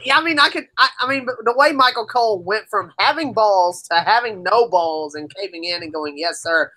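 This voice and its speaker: Excitable bright-voiced woman. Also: mid-range voice, brisk, low-quality recording. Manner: excitable, loud exclamations. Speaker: podcast co-host. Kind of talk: casual chat.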